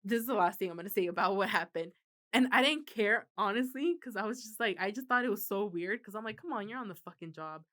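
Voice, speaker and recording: A woman's voice: mid-range voice, fast talker, sharp tone. A woman in her thirties co-hosting a podcast, chatting casually, laughing often and swearing freely. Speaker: podcast co-host. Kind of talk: casual chat.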